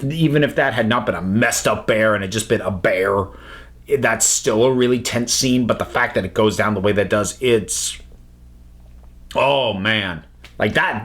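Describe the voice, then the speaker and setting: A man hosting his own film video, talking in casual commentary that is expressive and halting, with many restarts. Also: medium pitch. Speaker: YouTube host reviewing films.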